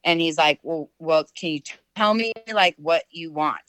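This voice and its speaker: A middle-aged woman telling a personal story in casual chat, full of fillers and lively quoted voices. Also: sits low, moderate pace, clear, resonant tone, dry recording, rough recording. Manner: chatty, filler-heavy, animated quoting.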